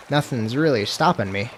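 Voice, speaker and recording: A man's voice: mid-range voice, a bit bright, slight background noise. Man chattering casually over a game stream. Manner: loose, profane, self-mocking chatter. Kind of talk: casual gameplay commentary.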